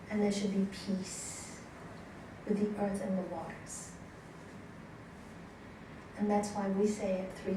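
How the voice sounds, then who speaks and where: A woman yoga teacher giving a class talk, animated and teasing as she tells stories to her students. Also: mid-range voice, a little hiss or hum. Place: yoga class room, indoors. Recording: echoey hall, voice from far off.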